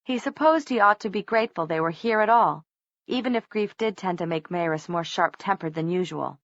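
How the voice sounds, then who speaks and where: A woman reading an audiobook aloud in an even, measured way. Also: lowish voice, dry recording, dull audio. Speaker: audiobook narrator. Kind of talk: scripted narration.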